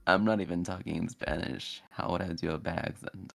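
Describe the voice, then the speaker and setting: A man's voice: low voice, fairly even intonation, fairly quick, creaky, fairly bright tone. A man heckling friends on a game stream with dry, mumbled remarks. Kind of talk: casual stream banter.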